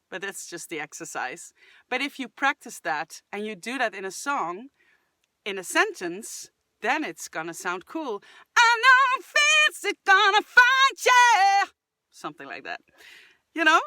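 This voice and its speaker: Chatty and enthusiastic, a singing-channel host reacts and shares vocal advice, occasionally demonstrating with sudden shouts and snippets of song. She speaks at a medium pitch on a dry recording.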